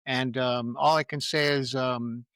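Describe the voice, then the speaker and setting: A man's voice: mid-range voice, fairly even intonation, a little slow, a bit bright, clean tone, dry recording. A middle-aged man, a parenting coach, answering interview questions in a candid, reflective way from his own experience. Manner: earnest, reflective, speaks from personal experience.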